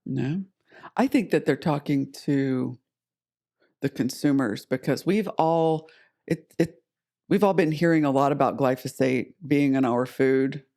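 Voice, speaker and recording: A man's voice: medium pitch, a little mellow. A man co-hosting a podcast in casual conversation, asking puzzled questions. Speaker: podcast co-host.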